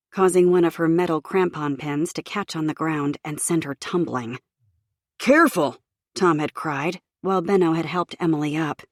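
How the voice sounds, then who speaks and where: Woman reading a thriller audiobook, low voice, super dry booth sound. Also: darkish tone, dry recording. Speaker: audiobook narrator. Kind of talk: scripted audiobook narration.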